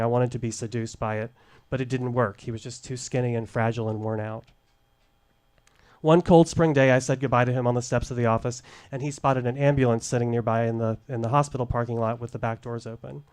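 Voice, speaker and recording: A middle-aged man telling a candid personal story at a live showcase, deliberate and wry, into a stage microphone. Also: medium pitch, darkish tone, clean tone. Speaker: storyteller, former case manager.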